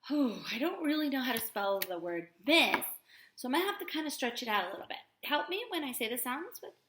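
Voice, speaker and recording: A woman teaching young children to write a letter, talking slowly and stretching out sounds. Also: high-pitched, big pitch swings, fairly bright tone, roomy sound, slight background noise. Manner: slow, sing-song teacher voice that stretches out sounds. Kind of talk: remote writing lesson for young children.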